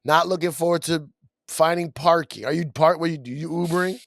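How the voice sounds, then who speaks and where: A man tells a story on a podcast and acts out the lines of the people in it. His voice sits a little high, and he laughs as he goes. The studio mic is close and dry. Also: brisk, vocal fry, dry recording. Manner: animated storyteller who acts out quotes, laughs often. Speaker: podcast co-host. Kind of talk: casual storytelling chat.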